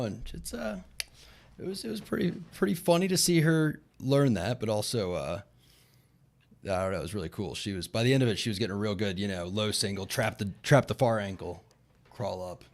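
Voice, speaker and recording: A man in his thirties hosting a casual live Q&A. He talks in a loose, rambling way, full of fillers. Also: mid-range voice. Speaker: podcast host.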